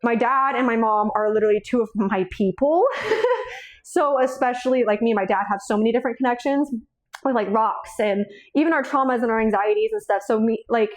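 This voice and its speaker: In a casual chat, a young book vlogger talks about her books in a rambling way, cursing freely and laughing a lot, though she sounds shaky and close to tears. She speaks briskly in a fairly high pitch.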